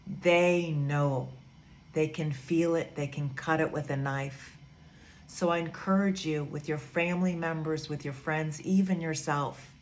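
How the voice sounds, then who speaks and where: A woman giving a gentle, soothing teaching talk, repeating phrases softly as she guides her students. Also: low voice, steady tone, a little hiss or hum. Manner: soft, slow, repetitive, soothing. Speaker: spiritual teacher.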